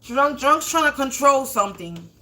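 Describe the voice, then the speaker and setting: A woman's voice: high voice, animated, normal speed, pushed and bright. A woman hosting a livestreamed spiritual reading, swearing heavily and rambling indignantly with restarts and stutters. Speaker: spiritual reader, livestream host. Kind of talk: livestreamed tarot-style reading, profane rant.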